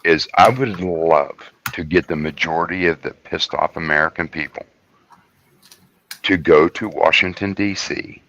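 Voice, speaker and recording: A man on a talk panel in heated political chat, speaking forcefully and stressing words slowly. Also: sits low, vocal fry, no echo. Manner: forceful, emphatic, drawn-out stresses. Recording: dry, muffled lo-fi sound.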